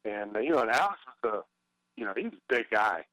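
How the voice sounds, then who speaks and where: Low, halting former ballplayer man. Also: sing-song, fairly bright tone, no echo, poor audio. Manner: halting, many fillers and restarts. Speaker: former baseball player, guest. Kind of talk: casual phone interview.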